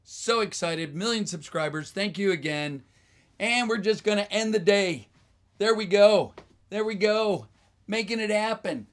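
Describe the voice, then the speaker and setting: A man hosting a casual live stream, chatting with viewers, thanking them and answering their messages with plenty of fillers and sudden excited outbursts. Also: high voice, a little slow. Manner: chatty and grateful, with frequent fillers and bursts of excited exclamations.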